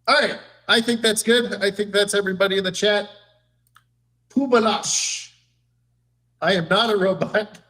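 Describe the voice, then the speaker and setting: A man's voice: high-pitched, sharp tone, low-quality recording. A young man hosting a casual live stream, joking loosely and reading chat aloud as he clicks around. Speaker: streamer and host.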